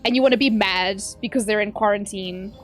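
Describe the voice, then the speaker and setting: A woman's voice: mid-range voice, brisk, soft background music. A young woman streaming a game, chatting casually and ranting, with sudden yelps at the action. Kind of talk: casual live-stream chat while gaming.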